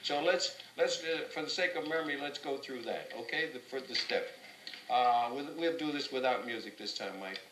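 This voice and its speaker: A man's voice: medium pitch, normal speed, fairly bright tone. A man teaching a tap dance class, counting and scatting rhythms aloud and often repeating his words. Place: dance studio. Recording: roomy, distant, noisy dance studio.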